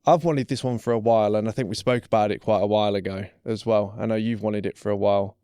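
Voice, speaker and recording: Mellow-voiced male podcast host. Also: lowish voice, steady tone, quick pace, smooth, no room sound, clean studio sound. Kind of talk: casual podcast hosting.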